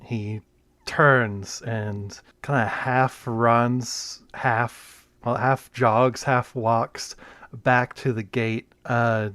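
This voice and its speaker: A man narrating as game master of a tabletop role-playing game, with many pauses and restarts. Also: medium pitch, steady tone, a bit bright, no room sound.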